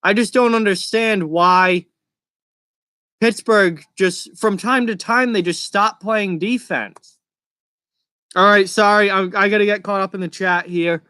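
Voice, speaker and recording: On a live hockey reaction stream, a young man with a mild Massachusetts accent chats casually and stops now and then to answer chat questions. His high, bright voice has a clear, resonant tone and fairly even intonation at a slightly slow pace. The recording is dry and close with no echo.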